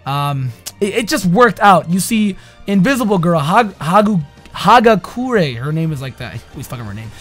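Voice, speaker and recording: A young man giving a casual, slangy anime episode review, swinging between loud excited outbursts and low mumbles. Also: normal speed, faint music behind.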